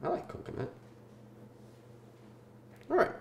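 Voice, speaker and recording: A man in his twenties from Southern California hosting a casual food-tasting vlog, joking and swearing in deadpan asides. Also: lowish voice, moderate pace, pauses often, echoey room. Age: 20s.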